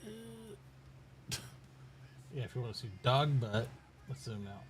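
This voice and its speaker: Guy streaming from home, lively up and down voice, goes soft and fond talking to his dog, faint hiss behind. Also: mid-range voice, slow, rough recording. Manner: chatty, talks fondly and softly to his dog. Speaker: live streamer. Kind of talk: casual chat while streaming.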